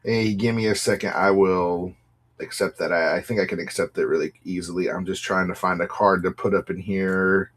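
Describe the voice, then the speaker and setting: A man's voice: low voice, fairly even intonation, moderate pace. A man hosting a live card sale, chatting casually, apologizing and talking through pack openings in an upbeat way. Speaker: livestream card seller. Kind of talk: casual live-selling chat.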